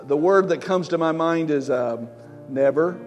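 A male pastor preaching a sermon in an emphatic, exhorting way, with soft music behind. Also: fairly high pitch, unhurried.

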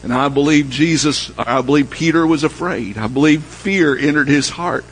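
A man preaching a sermon, telling a story and dropping low and soft when he quotes the people in it. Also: normal speed, slight background noise, rough recording. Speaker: pastor.

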